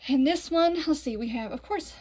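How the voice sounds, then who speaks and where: A young woman with a Southern drawl and a slightly high voice chats casually to her viewers. She walks through her shelves with self-deprecating asides, recorded on a phone in her bedroom. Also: moderate pace, a little mellow, slight background noise, rough recording. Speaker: book vlogger. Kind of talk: casual bookshelf tour. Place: bedroom at home. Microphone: phone camera.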